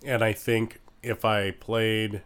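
A man co-hosting a podcast in easygoing casual chat, often pausing with ums and uhs. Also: on the low side, flat delivery, a bit bright, clean tone. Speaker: podcast co-host.

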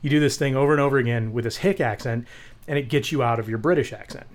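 Man, podcast co-host, chatty storyteller, casual cursing, animated delivery. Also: mid-range voice, quick pace. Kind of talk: casual chat.

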